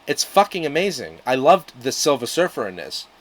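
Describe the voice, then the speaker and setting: A man's voice: mid-range voice, very animated, normal speed, poor audio. A young man talking casually in a vlog about comics, rambling with lots of fillers and restarts, now and then swearing. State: out of breath. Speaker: YouTube comics reviewer.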